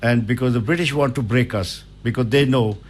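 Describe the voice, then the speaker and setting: A man's voice: medium pitch, a little fast, a little hiss or hum. An older man, a studio guest on a radio show, speaking in an earnest, emphatic, motivational way. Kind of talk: radio interview.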